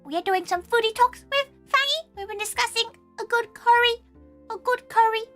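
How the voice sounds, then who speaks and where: A woman's voice: very high-pitched, brisk, fairly bright tone, faint music behind. A woman hosting a casual chat stream, giggling often and speaking of herself in the third person. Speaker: vtuber host.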